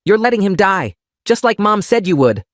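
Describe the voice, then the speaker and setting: A woman's voice: a bass voice, lively intonation, brisk, dry recording, studio quality, pitched above the performer's own voice. A man voicing a frantic young girl who sobs and pleads for help for her brother. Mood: hysterical. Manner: sobbing, pleading. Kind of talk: storytime narration.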